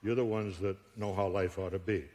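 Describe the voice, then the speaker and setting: A man preaching a sermon in a humorous, animated, conversational way, recorded with long hall reverb in a church auditorium. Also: deep voice, a little fast, slight background noise. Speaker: guest preacher.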